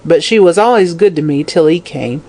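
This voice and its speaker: A narrator voicing a dying, drunken old slum woman who croaks, snarls and curses. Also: medium pitch, moderate pace, a little mellow, natural voice. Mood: bitter. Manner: snarling, cursing, whining. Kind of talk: audiobook character voice.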